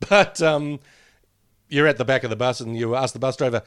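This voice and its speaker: A man co-hosting a podcast in casual chat, animated and jokey, acting out quotes as he talks. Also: mid-range voice, brisk, clean tone, no room sound, studio quality. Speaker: podcast co-host.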